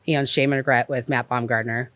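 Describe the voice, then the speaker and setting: A man's voice: medium pitch, fast, clear, resonant tone, no echo. A man guesting on a casual chat show, talking easily as a restaurant owner about his businesses. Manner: relaxed, lists names and places easily.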